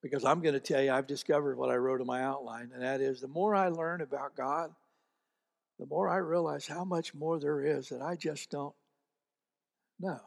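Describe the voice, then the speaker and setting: A man preaching from the pulpit, fairly high for a man, with a gravelly grain. He tells his stories in a folksy, earnest way and often restarts his words. The church hall adds a long reverb. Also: steady tone, moderate pace. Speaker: pastor. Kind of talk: sermon storytelling. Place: church sanctuary.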